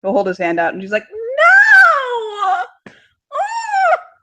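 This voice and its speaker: A woman's voice: medium pitch, fairly even intonation, racing. Giggly woman narrating a tabletop game. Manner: giggly, lots of fillers. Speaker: game master.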